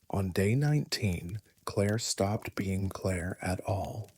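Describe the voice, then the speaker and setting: A man narrating a scripted first-person horror story in a hushed, often whispery delivery. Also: low voice, expressive, takes it slowly, hardly any pauses.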